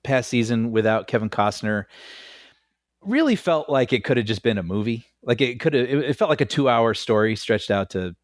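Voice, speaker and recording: A man co-hosting a film podcast in casual chat, giving measured opinions and laughing easily. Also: medium pitch, lively intonation, no room sound, studio quality. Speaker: podcast co-host.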